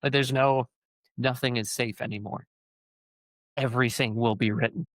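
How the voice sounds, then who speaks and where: A man's voice: medium pitch, steady tone, normal speed, dry recording. A man hosting a casual conversation as an author, thinking aloud in a rambling way full of fillers. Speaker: author and show host. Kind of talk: casual long-form conversation.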